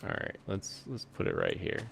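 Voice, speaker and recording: A man's voice: normal speed, a bit bright, slight background noise. A man hosting a casual chat while playing a video game, rambling and easily amused, thinking aloud as he plays. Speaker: host.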